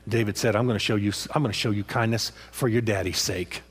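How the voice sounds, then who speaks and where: Husky guy preaching a sermon, fired up, repeats himself, keeps going huh? at the crowd. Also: fairly low pitch, steady tone, quick pace. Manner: impassioned, repeats phrases and prods listeners with "huh?".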